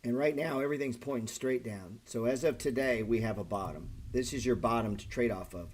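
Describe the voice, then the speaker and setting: A middle-aged trading streamer talks bluntly and casually, cursing often and calling listeners "bro" and "man." His mid-range voice runs a little fast with few pauses, and there's a little hiss or hum.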